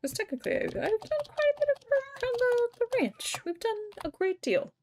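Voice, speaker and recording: A woman's voice: extremely high pitch, moderate pace, a little hiss or hum. Chatty woman streamer. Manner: chatty, animated storyteller, swears and laughs. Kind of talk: casual live-stream gameplay chat.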